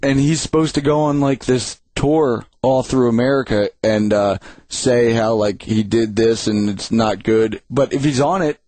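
A man's voice: medium pitch, steady tone, a little slow, hardly any pauses, darkish tone, no room sound. A young man telling rambling, profanity-laced stories in a casual chat.

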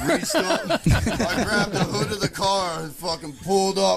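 A man on a radio talk show telling a profane, animated story, acting out his own shouts, with faint music behind. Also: sits high, normal speed, creaky.

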